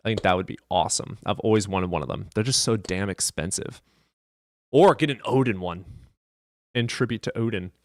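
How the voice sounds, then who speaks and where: A man's voice: on the low side, brisk, no room sound. A man hosting a live stream from his desk at home, chatting casually and telling rambling, profane stories.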